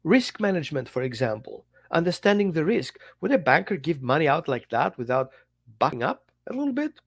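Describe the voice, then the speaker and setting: Blunt dog trainer doing a podcast, pitch jumps all over, acts out convos. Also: fairly quick, vocal fry. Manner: animated and blunt, acts out little dialogues. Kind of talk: podcast monologue.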